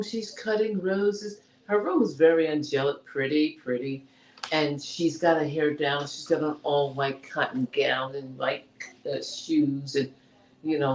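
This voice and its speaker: A man co-hosting a TV review podcast, telling the story of an episode in a lively way and acting out what the characters say. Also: fairly high pitch. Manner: animated, retells scenes and acts out the characters' lines. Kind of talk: casual review chat. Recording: roomy echo.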